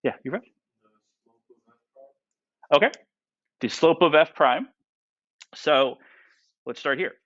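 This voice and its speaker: A man's voice: fairly high pitch, slow, pauses often, fairly bright tone, dry recording. Guy teaching calc in a classroom, keeps asking the class stuff, dull dry recording. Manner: asks the class many questions, says "right?" and "okay?" often. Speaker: math teacher. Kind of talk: classroom lecture.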